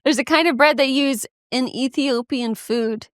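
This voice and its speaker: A woman's voice: high voice, normal speed, a bit bright, no echo, studio quality. A young woman co-hosting a podcast, chatting casually and explaining things with enthusiasm. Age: young adult. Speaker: podcast co-host. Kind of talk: casual chat.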